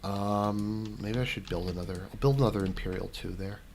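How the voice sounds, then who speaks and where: A man's voice: lowish voice, moderate pace, darkish tone, a little hiss or hum. A young man casually answering viewer questions while playing a strategy game, rambling with lots of fillers. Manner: rambling, filler-heavy, restarts. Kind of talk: casual commentary while gaming.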